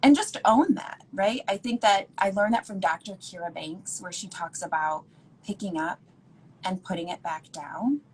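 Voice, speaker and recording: A woman's voice: mid-range voice, moderate pace, slightly rough, low-quality recording. A woman speaking as an educator guest, earnest and emphatic, repeating points for stress over a video call. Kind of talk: casual conversational interview.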